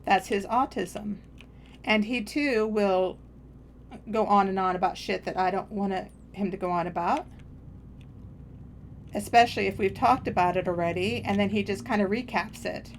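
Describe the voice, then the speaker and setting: A woman's voice: medium pitch, moderate pace, a little hiss or hum. A woman streaming a game, chatting casually in a meandering, self-deprecating way. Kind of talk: casual rambling chat while gaming.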